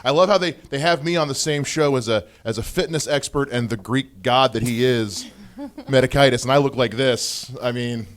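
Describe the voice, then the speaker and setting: A man's voice: medium pitch, moderate pace. A young man doing a stand-up comedy set, self-deprecating and laughing at his own jokes. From Ohio. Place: small venue with live audience.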